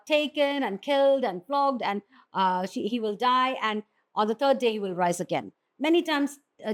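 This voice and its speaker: Earnest woman preaching a sermon. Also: fairly high pitch. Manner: earnest, exhorting, frequent fillers and restarts.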